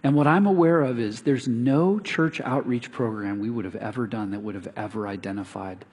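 In a reverberant hall, a middle-aged pastor with a husky, mid-range voice delivers a sermon at a moderate pace. He tells stories with animation, acting out the lines of his neighbors and the other people in them.

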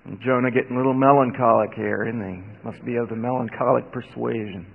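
A man preaching in a relaxed, conversational manner with wry asides. His voice rings through a large hall, and the recording sounds dull and muffled. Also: mid-range voice, a little fast, gravelly, slightly rough. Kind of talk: sermon.

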